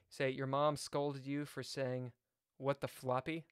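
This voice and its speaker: A man's voice: mid-range voice, level tone, measured pace, clear, resonant tone, no room sound, clean studio sound. A man chatting casually on a live chess stream, reading viewer comments aloud and jumping from topic to topic. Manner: chatty, jumps between topics, reads chat aloud.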